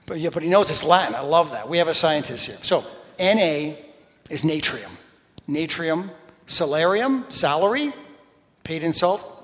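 A man preaching a sermon, telling animated stories, talking straight to the congregation and dropping to a whisper for emphasis. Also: fairly high pitch. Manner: animated storytelling, talks to the congregation directly. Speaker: pastor. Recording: long reverb in a large hall.

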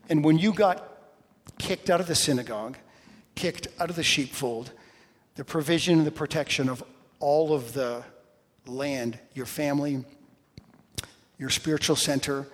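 A man preaching a sermon to a congregation in a church, swinging from loud emphasis to hushed, quiet phrases. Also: medium pitch, slightly rough. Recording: long hall reverb.

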